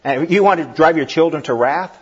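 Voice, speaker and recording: A middle-aged man preaching a sermon, lively and given to laughing asides and acting out voices. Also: on the high side, fairly quick, breathy edge. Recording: dull lo-fi recording.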